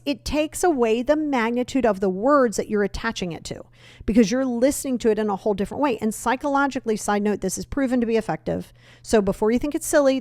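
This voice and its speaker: A woman's voice: a little high, a little mellow, dry recording, clean studio sound. A young woman hosting a self-help podcast, talking bluntly and emphatically with some mild cursing. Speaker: podcast host. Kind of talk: motivational self-help talk.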